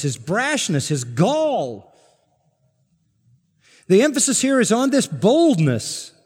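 A man preaching an expository sermon to a congregation, emphatic and climbing to forceful peaks on key words. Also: a little high. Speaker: pastor. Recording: long hall reverb.

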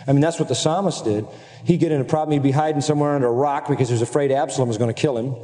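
A man's voice: medium pitch, fairly even intonation, very fast, mellow. A man preaching a sermon as pastor, earnestly exhorting his congregation and reeling off scripture references. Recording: long reverb from a large hall.

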